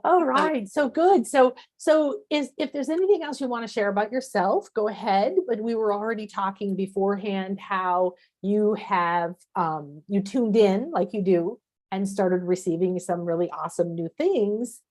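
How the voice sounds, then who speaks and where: A woman's voice: medium pitch, normal speed. A woman host in a casual conversation, greeting her guest fondly and chatting with plenty of fillers. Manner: warm and chatty, frequent fillers.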